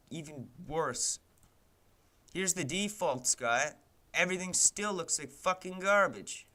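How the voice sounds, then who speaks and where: Slowly, an indie developer rambles through a livestream of his game-building, his voice a bit high with a bright, sharp edge. He curses freely and vents exasperation at his software, with "like" and "man" cropping up throughout.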